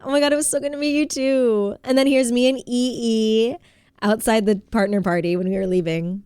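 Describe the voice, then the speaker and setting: A woman's voice: on the high side, fairly even intonation, a little fast, mellow, smooth, dry recording, clean studio sound. A woman streamer with a stuffy head cold, chatting casually and giggling as she reads her chat.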